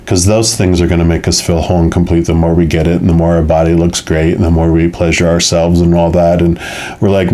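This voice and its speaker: A man giving a weekly tarot reading to viewers, musing in a soft, loose way with lots of filler phrases. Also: deep voice, flat delivery, brisk. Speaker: tarot reader.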